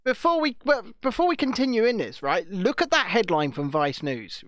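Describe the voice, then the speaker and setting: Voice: mid-range voice, very animated, normal speed, no echo. A co-host talking in a casual chat, repeating and restarting phrases, with dry asides. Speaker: podcast co-host.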